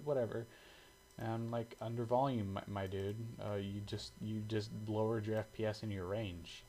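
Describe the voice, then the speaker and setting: A man's voice: fairly low pitch, level tone, a little fast, darkish tone, a little hiss or hum, low-quality recording. A man giving casual, rambling commentary full of swearing and fillers, reacting aloud as he browses online. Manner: rambling and profane, many fillers. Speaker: airsoft video creator.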